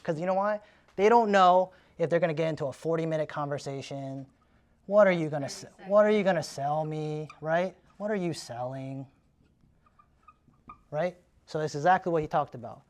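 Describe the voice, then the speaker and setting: A man giving a live sales training in a casual, energetic way, often tagging his points with "right?". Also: on the high side, moderate pace.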